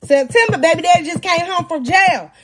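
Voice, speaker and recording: A young adult woman hosting a live podcast, telling a personal story to her audience in a slangy, animated way and often calling out to the crowd. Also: very high-pitched, a little fast. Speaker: podcast host.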